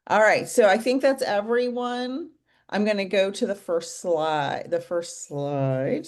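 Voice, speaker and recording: A woman hosting an online workshop, warmly guiding and encouraging participants. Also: fairly low pitch.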